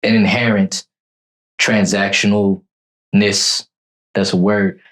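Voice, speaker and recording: Very deep-voiced man, halting. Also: level tone, fairly bright tone. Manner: halting, many fillers and restarts. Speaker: podcast co-host. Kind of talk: casual chat.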